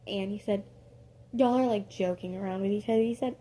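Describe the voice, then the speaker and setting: A woman's voice: mid-range voice, a little fast, warm tone, a little hiss or hum. A woman improvising a casual second-person story, rambling with many fillers and corrections of herself.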